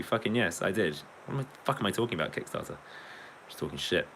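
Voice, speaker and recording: A man's voice: sits low, expressive, fast talker, gravelly, a bit bright, a little hiss or hum, rough recording. An English man chatting casually on a livestream, rambling, joking, swearing and reading viewer comments aloud. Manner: rambling, sweary, jokey, reads chat aloud. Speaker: livestreaming musician.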